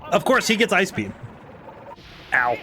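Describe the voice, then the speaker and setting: Male streamer, higher voice, animated and rambling. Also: measured pace, faint music behind. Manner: rambling, excitable, frequent laughs and restarts. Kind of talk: casual gameplay commentary.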